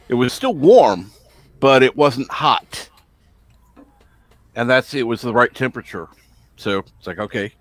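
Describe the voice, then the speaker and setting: A man's voice: medium pitch, fairly bright tone. A man hosting a casual live online show, telling a rambling anecdote in an easygoing way. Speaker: host. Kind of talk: casual chat.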